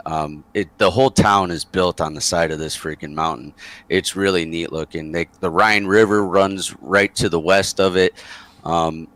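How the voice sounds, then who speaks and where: Lively low-voiced man telling a story. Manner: rambling, lively, chuckling, many fillers. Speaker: interview guest, former soldier. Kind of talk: casual storytelling.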